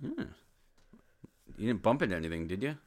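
A woman's voice: a bass voice, big pitch swings, fairly quick, a little mellow. A middle-aged woman hosting a podcast, chatting casually with her co-host and reading fun facts in a playful, teasing way. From Rhode Island, USA. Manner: playful, teasing, laughs easily.

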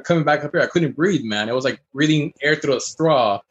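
A man with a husky, slightly raised voice talks casually as a chef guest. He rattles through his stories quickly and with plenty of animation, his words tumbling out fast. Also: a little high, a bit bright, dull audio. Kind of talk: casual chat.

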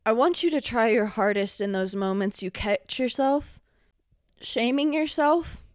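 A young woman hosts a solo podcast, talking with raw, impassioned emotion and freely swearing. Her voice sits a little high and she takes her time over every phrase. The recording is close and dry, with no room sound. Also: dry recording. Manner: impassioned, swearing, rising to yelling when angry. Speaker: podcast host.

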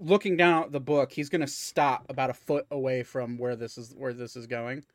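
A man runs a tabletop game, narrating the scene with frequent pauses and fillers. His voice is mid-pitched and recorded dry and close. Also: steady tone, no echo. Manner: hesitant, many fillers. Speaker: game master.

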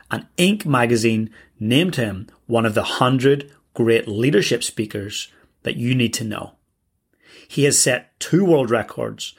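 A man hosting a podcast, reading his show intro and a guest introduction in an upbeat, energetic way, then greeting his guest. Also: medium pitch, slightly rough. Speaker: podcast host and success coach.

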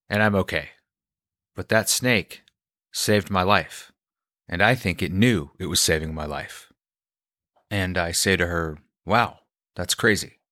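A man calmly telling a personal story, quoting the people he met along the way. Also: sits low, no echo, studio quality. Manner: calm, reflective storyteller.

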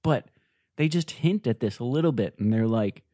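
A man's voice: medium pitch, expressive, moderate pace, dark tone. A man with a mid-range voice co-hosts a podcast, talking casually and breaking scenes down point by point. He sounds enthusiastic, and the recording is dry and close with no room echo. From United States. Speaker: podcast co-host. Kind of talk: casual chat.

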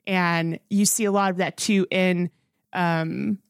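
A woman's voice: fairly low pitch, steady tone, slow pace, clean tone, dry recording, clean studio sound. A woman co-hosting a film review podcast, talking in an earnest, rambling way with many restarts. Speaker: podcast co-host. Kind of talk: casual film review chat.

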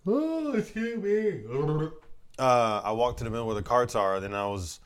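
A man's voice: fairly low pitch, steady tone, fast talker, fairly bright tone, clean tone. A man co-hosting a podcast, joking and teasing as he chimes in with his side of the story. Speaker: podcast co-host. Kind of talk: casual chat.

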